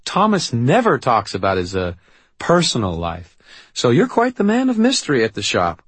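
A man voicing a cheerful, bubbly young woman who speaks brightly and eagerly. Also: mid-range voice, wildly swooping pitch, normal speed, husky, no room sound, pitched above the performer's own voice. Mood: chatty.

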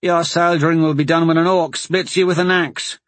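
A man voicing a hearty, teasing woman soldier in a fantasy audiobook, his voice raised and lively. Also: a little high, normal speed, no echo, voice pushed up, natural voice. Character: gruff friendly woman soldier.

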